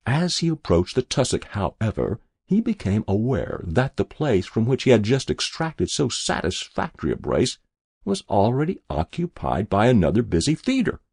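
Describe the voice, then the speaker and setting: A man reading a story aloud in a measured, expressive way. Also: lowish voice, vocal fry, slightly rough, no room sound, studio quality. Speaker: narrator.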